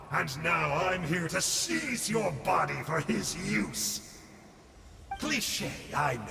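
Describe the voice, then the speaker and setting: A smug scheming game villain. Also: male voice, a little high, creaky, sharp tone, a little hiss or hum, heavily acted. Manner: theatrical, sly and mocking. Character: smug scheming male villain, a treacherous showman. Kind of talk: video game voice acting. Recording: long reverb game audio. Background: game music.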